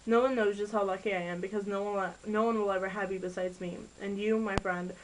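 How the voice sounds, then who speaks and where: A woman's voice: mid-range voice, steady tone, a little fast, a little hiss or hum, close to an everyday voice, low-quality recording. A woman reading as a hurt teenage girl. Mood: affectionate. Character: teenage girl, heartbroken and touchy.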